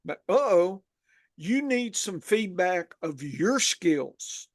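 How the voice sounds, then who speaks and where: A man's voice: high voice, sing-song, takes it slowly, no echo, studio quality. A man with a Southern US accent, from Arkansas, hosting a podcast in a rambling, folksy way. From Arkansas, USA. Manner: rambling, folksy, lots of restarts. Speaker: podcast host. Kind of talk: casual podcast chat.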